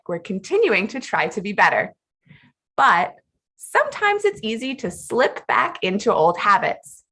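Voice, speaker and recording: Woman, teacher trainer, upbeat webinar presenter; bright voice, higher pitch. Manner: upbeat, clearly enunciated instructions.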